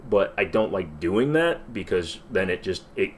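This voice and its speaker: A man's voice: on the low side, expressive, moderate pace, a little hiss or hum. A man hosting a casual livestream Q&A, rambling and swearing as he reacts to viewer comments. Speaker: livestream host.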